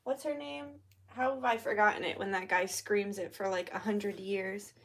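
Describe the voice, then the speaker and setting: A woman's voice: medium pitch, fairly even intonation, normal speed. A young woman vlogging casually as she lights candles for a spell, chatty and swearing freely, sometimes dropping to a whisper. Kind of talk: casual chat.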